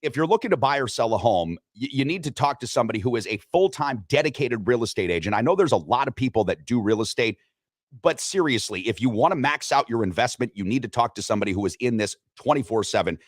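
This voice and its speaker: A man's voice: medium pitch, animated, quick pace, no echo, clean studio sound. A man hosting a sports radio show, chatting loosely, joking and reading sponsor spots. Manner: loose, joking, swears casually. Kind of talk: casual sports talk with live sponsor reads.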